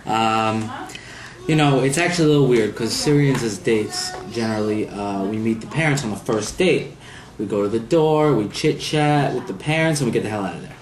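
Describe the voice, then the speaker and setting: A home video camera in an apartment room records a young groom-to-be being interviewed casually, telling wryly self-deprecating stories about his soon-to-be in-laws. He has a medium-pitched voice at a moderate pace, and the roomy recording carries faint noise plus crowd noise.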